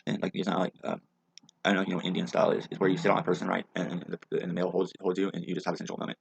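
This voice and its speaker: Fast gravelly low-voiced ranting man. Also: monotone. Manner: agitated, rambling, heavy swearing. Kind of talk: angry profane rant. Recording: muffled lo-fi with faint hiss.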